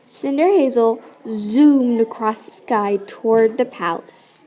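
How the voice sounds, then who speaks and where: A woman reads a children's story aloud in an unhurried, fairly high voice. She narrates expressively, punching out playful sound effects along the way. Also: dark tone. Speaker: storybook reader.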